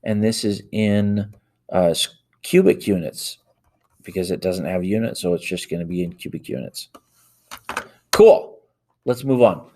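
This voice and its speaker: A man with a low, darkish voice, speaking at a moderate pace, leads a worked-example math lesson. He narrates each step while using a calculator and corrects himself as needed.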